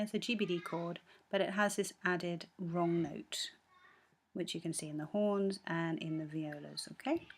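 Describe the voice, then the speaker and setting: A woman with a slightly low voice teaches music, going through a score one bar at a time. She explains patiently, often pausing with "um" and correcting herself mid-sentence, and now and then she sings a few notes of the tune. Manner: frequent ums and self-corrections. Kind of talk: score analysis lesson.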